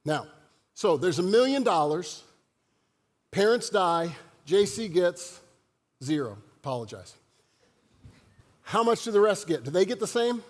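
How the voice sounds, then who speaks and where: A man's voice: high-pitched, very animated, unhurried, long pauses. A man preaching a sermon as pastor, in a conversational style and joking with the congregation. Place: church sanctuary. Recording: long church hall reverb.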